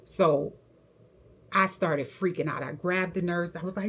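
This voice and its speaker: A young adult woman, a hair stylist, casually telling a personal story to camera in a slangy, animated way and acting out what people said. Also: on the low side, fairly quick, breathy edge.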